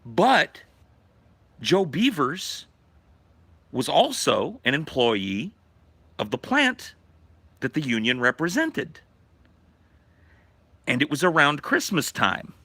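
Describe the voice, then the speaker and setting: A podcast host telling a profane, animated story from his childhood in casual talk. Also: on the high side, slow, pauses often, husky, no room sound.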